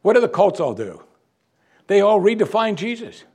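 A man's voice: high-pitched, big pitch swings, normal speed, a little mellow, breathy edge. A man, a pastor, preaching an expository sermon in a conversational way and acting out quotes from the text.

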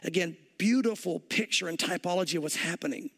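A pastor preaching a verse-by-verse sermon, telling the story in a conversational way and often saying "you know". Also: male voice, high-pitched, a little fast, vocal fry, a bit bright, husky.

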